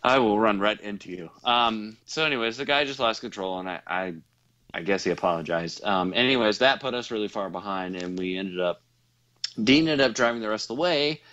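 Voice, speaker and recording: Man, low voice, casual host, rambling, laughs often, many fillers, dull lo-fi audio. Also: expressive, brisk, bright, forceful tone. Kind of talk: casual chat recounting a race.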